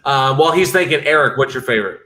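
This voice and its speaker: Bright, animated male podcast host. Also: medium pitch, quick pace. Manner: animated, swearing, retells scenes excitedly. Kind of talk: casual chat.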